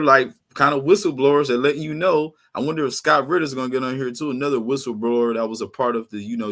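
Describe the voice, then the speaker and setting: Slangy excitable man hosting a live stream. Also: mid-range voice. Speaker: host of a live online class. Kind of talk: casual chat.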